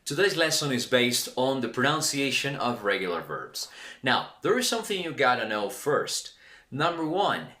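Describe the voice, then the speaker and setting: A man's voice: medium pitch, big pitch swings, normal speed, pushed and bright. A man teaching an English pronunciation lesson, enthusiastic and emphatic, repeating words for learners. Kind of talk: language lesson.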